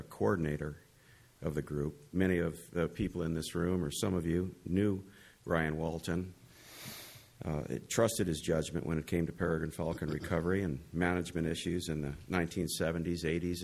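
An older man, a bird research coordinator, giving measured, earnest testimony at a public hearing. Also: low voice, vocal fry, darkish tone, slightly rough.

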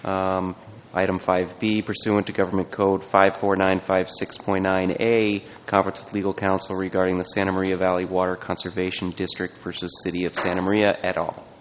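Attorney, man, formal and measured; long reverb of a meeting hall, dull sound. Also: sits low, completely flat delivery. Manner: reads legal citations formally. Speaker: board attorney. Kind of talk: formal legal report. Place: public board meeting room. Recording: echoey hall, dull lo-fi sound, faint noise.

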